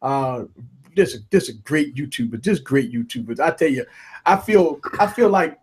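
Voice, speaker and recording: A man hosting a live tech talk stream, giving loud shout-outs to viewers and panelists in casual, hyped chat. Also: mid-range voice, moderate pace, husky. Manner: hype, repetitive shout-outs, animated. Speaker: livestream tech show host.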